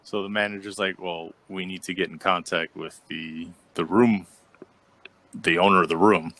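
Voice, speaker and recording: A fairly low male voice spinning a long anecdote on a casual podcast. He fills in the quotes with sudden high leaps and keeps the telling loose and chatty. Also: normal speed. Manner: animated storyteller, acts out quotes with jumps in pitch. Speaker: podcast co-host. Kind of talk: casual storytelling chat.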